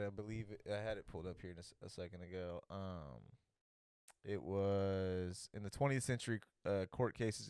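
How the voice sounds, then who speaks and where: A low-pitched man with a smooth, resonant voice, recorded close and dry. He talks in loose, rambling podcast chat, swearing casually and laughing along with his own story. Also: no room sound. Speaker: podcast co-host.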